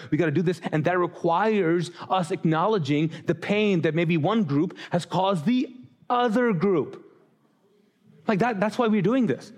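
Speaking from the church stage in a high voice, this man, a pastor raised Muslim, delivers a sermon straight to the congregation. He frequently starts sentences over and performs the voices of those he quotes.

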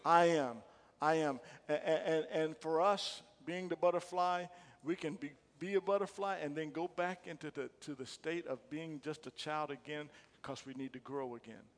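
Male pastor, fairly high voice, emphatic repeating sermon delivery, long church-hall reverb. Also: fairly even intonation, moderate pace. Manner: repetitive, emphatic preaching with call-and-response. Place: church sanctuary.

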